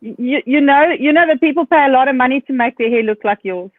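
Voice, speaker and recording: South african woman on a thin dry video call line, very high voice, cheerful and laughy. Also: fast talker, dry recording. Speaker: guest author. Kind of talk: casual chat. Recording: dry, tinny call audio.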